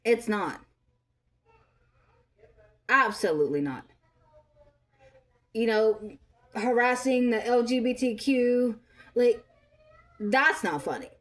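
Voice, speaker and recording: A woman's voice: on the high side, expressive, takes it slowly, pauses often. A woman in her thirties delivering an angry, profane commentary rant, scolding bluntly. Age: 30s. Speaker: vlogger.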